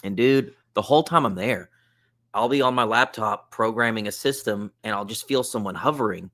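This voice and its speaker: A man, a podcast guest, telling a funny story in a relaxed, chatty way, with plenty of "like" and "uh". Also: fairly low pitch, normal speed. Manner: relaxed, chatty, with lots of fillers like "like" and "uh". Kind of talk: casual storytelling.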